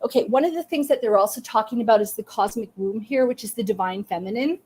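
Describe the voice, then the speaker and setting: A woman psychic medium hosting a live-streamed intuitive reading, talking softly but emphatically and gushing, with many fillers. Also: a little high, fast talker, a little hiss or hum. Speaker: psychic medium and podcast host.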